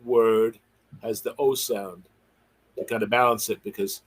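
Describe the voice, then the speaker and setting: A man's voice: lowish voice, fairly even intonation, normal speed, slightly rough. A man hosting a livestreamed Bible study, affirming his co-teacher with enthusiasm and sounding out word rhythms. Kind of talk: casual livestream discussion.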